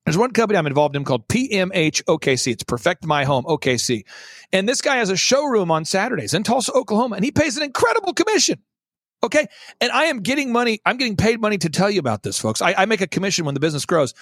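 High, lively man telling a story. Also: no room sound, studio quality. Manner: emphatic, theatrical, repeats for emphasis. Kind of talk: animated storytelling on a talk show.

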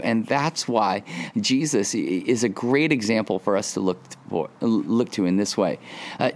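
A man preaching a sermon as pastor, earnest, rising into high pleading lines and dropping to quiet, hushed words. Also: a little hiss or hum. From Southern California. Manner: earnest, rising to high emphatic pleas, dropping to soft near-whispers.

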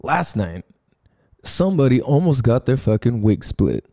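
A male podcast host talking in a casual, loose monologue with plenty of swearing and restarts. His voice is dark and mellow, and he acts out noises and his own reactions when he tells a story. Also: mid-range voice, a little slow, vocal fry. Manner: loose and profane, with lots of fillers and restarts; animated storytelling, acts out sounds and his own quoted thoughts.

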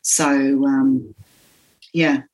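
An older Australian woman with an accent from home, reflecting on her teaching career in an earnest, halting way with many pauses. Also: very deep voice, fairly even intonation, darkish tone, poor audio. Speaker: interviewee, physiotherapy teacher. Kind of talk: reflective interview talk.

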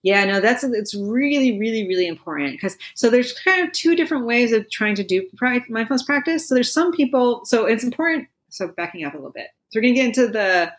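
Casting note: a middle-aged woman, relaxed talk-show guest, laughs a lot and says "you know" a lot. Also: on the high side, brisk, few pauses. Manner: laughs often, many fillers like "you know". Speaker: meditation expert guest. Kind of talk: casual conversational explaining.

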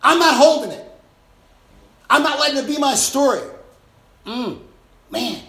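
High-voiced emphatic male preacher, echoey room. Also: lively intonation, unhurried. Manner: emphatic preaching, sudden loud bursts and acted-out sounds. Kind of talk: sermon.

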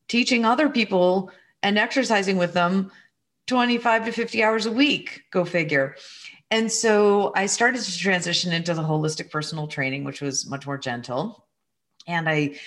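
A woman's voice: low-pitched, fairly bright tone. A middle-aged woman coach telling a personal story in an earnest, confiding way, speaking to her listeners as friends.

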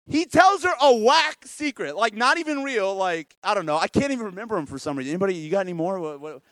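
Casting: animated, joking male preacher, bright high voice, dynamic volume, dry close mic. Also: fast, dry recording. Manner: animated, joking, swings between loud and hushed. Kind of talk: comedic storytelling sermon.

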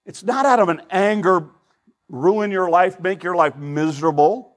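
An older man preaching a sermon as pastor, earnest and pleading, swinging between loud emphasis and hushed asides. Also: high voice, moderate pace, poor audio.

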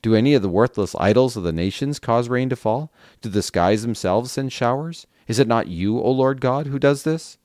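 A man's voice: mid-range voice, lively intonation, normal speed, hardly any pauses, a little mellow, no echo, clean studio sound. A man reading scripture aloud for a Bible podcast, in an earnest reading voice with occasional casual asides. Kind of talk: Bible reading with brief commentary.

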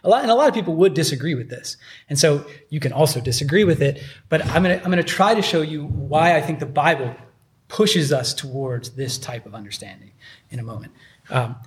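Man, pastor, casual conversational sermon, filler-heavy, slightly high pitch. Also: animated, fairly quick, slight background noise. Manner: conversational, uses many filler likes.

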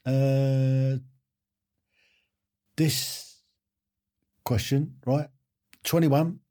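A man's voice: medium pitch, level tone, extremely slow, warm tone. A man hosting a live online quiz in a chatty, self-deprecating way, often chuckling.

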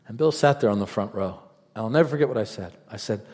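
A man preaching a sermon, telling stories conversationally and rising to fervent, shouted peaks. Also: medium pitch, fast talker. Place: large event hall. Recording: reverberant large hall.

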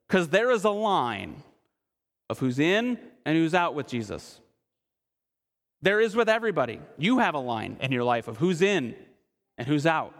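A man preaching a sermon as pastor, earnest, asking his listeners direct questions and slowing to a hush for emphasis. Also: high voice, in a large hall. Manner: slows and drops quiet for emphasis.

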